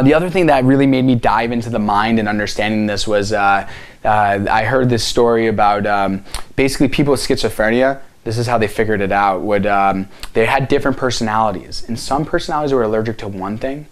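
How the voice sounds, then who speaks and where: Earnest man giving a motivational talk. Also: mid-range voice. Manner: earnest, direct, asks many rhetorical questions. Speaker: healing coach.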